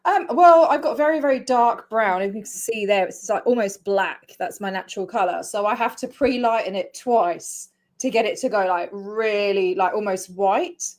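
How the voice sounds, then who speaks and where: A Scottish-born woman whose accent is now English, with only a faded Scottish trace, hosts a casual video interview. She's chatty and rambling, laughs often, and speaks in a mid-range voice at normal speed with few pauses.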